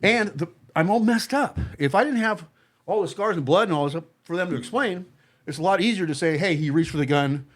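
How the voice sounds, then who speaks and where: A man's voice: high-pitched, lively intonation. Profane man telling a story. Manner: blunt, profane, halting with fillers and restarts. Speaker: podcast guest telling his story. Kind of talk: casual storytelling among friends.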